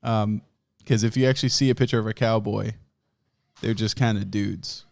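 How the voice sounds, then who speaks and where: A man's voice: lowish voice, fairly even intonation, normal speed, creaky, darkish tone. A man hosting a podcast, telling a rambling, profane story in a casual way and laughing often. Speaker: podcast host.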